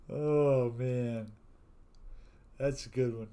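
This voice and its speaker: A man's voice: medium pitch, clean tone. A man hosting a casual live stream, reading out viewers' jokes, laughing often and signing off to his chat. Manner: slow, warm sign-off talk with frequent laughing at chat jokes. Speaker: livestream host.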